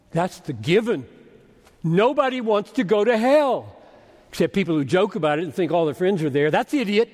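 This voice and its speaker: A man preaching an expository sermon as pastor, arguing point by point and swinging from loud urging to hushed asides. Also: sits high, big pitch swings, moderate pace. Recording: long reverb of a large hall.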